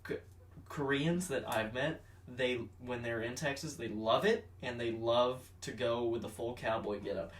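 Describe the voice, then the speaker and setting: A man's voice: medium pitch, normal speed, a little hiss or hum. Wry man in an echoey room. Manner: relaxed and wry, explaining martial arts details. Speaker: podcast co-host. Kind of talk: casual chat. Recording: roomy room, mic at a distance.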